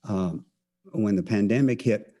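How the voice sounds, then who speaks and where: A man with a Texas accent, a photography teacher giving a conference talk, speaking haltingly with many fillers and restarts. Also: lowish voice, mellow. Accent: Texan.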